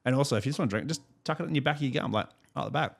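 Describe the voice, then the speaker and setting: A young Australian man chats in relaxed podcast banter with dry, wry humour. His voice sits at an ordinary middle pitch. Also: rapid-fire, creaky. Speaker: podcast co-host. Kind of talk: casual banter.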